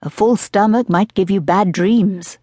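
A woman narrator voicing a gentle, patient father who speaks softly in an audiobook. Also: mid-range voice, a little slow, husky, dry recording, clean studio sound. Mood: tender. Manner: soft, fond, quiet. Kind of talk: audiobook character voice.

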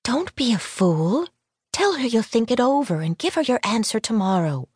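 A woman voicing a bossy, impatient disembodied ghostly voice in a hissing, breathy whisper, as whispered role-play in an audiobook. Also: fairly high pitch, sing-song, normal speed, no room sound, studio quality, voice pushed up. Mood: urgent.

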